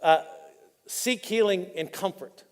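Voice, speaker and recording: A man pastor, preaching a candid, personal sermon that drops soft and choked up when he is moved. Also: high-pitched, takes it slowly, clean tone. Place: church auditorium. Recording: live in a reverberant church hall.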